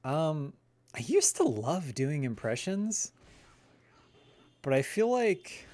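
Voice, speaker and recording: A man's voice: a little high, big pitch swings, slow, a little mellow. A man in his thirties hosting a livestream, rambling casually and answering viewers' questions. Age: 30s. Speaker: livestream host. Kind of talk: casual chat on a gaming livestream.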